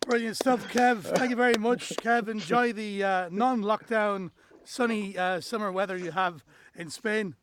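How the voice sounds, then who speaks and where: A man's voice: sits high, unhurried, a little hiss or hum. A man hosting a football podcast, chatting casually with fillers and steering the show to its close. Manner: relaxed, fillers, wraps up the show. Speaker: podcast host.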